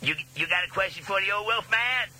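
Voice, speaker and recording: A man's voice: high voice, brisk, bright, forceful tone, a little hiss or hum. An American man hosting a radio show, teasing callers in drawling, chuckling hipster slang. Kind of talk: jive-talking radio show patter.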